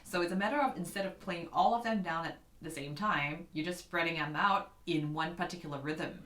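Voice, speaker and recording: A piano teacher speaks fairly quickly in a voice that is on the low side with a fairly bright tone. Teaching a casual online keyboard lesson in an echoey room with a piano, she chats with viewers as "guys" and scats the rhythms aloud.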